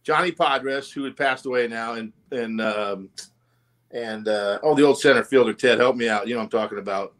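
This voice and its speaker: A man casually telling anecdotes at a roundtable, animated and laughing often, acting out what others said. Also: medium pitch, normal speed. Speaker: former sales executive telling stories.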